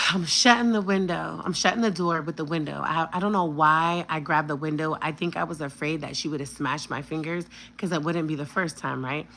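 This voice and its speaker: A woman's voice: sits low, fairly quick, fairly bright tone, a little hiss or hum, low-quality recording. A woman in her thirties telling a personal story on a vlog, blunt and emphatic with plenty of cursing.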